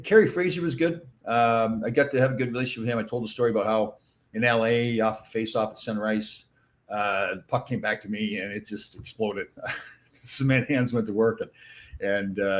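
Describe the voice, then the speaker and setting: A man's voice: lowish voice, brisk. A man in his sixties, a former hockey player hosting a casual chat, telling rambling stories with many fillers. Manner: rambling anecdotal storytelling with fillers. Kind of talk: casual chat answering viewer comments.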